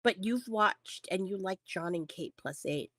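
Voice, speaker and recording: A woman tells a story on a podcast, full of swearing and acted-out quotes. Her voice sits at a middle pitch. The sound is dry and close, with no room echo. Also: unhurried. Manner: animated, swears freely, acts out quotes. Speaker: podcast co-host. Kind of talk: casual storytelling with profanity.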